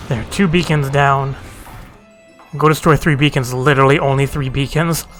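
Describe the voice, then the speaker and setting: A man's voice: mid-range voice, steady tone, normal speed, a bit bright, soft background music. A man giving casual, wry gameplay commentary as a let's play host, with casual swearing.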